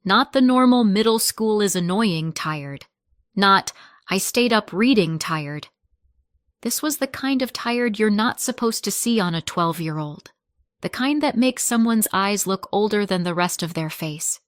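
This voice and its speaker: A woman narrating a scripted first-person family story in a measured, soft-spoken way. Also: medium pitch, animated, no echo, clean studio sound.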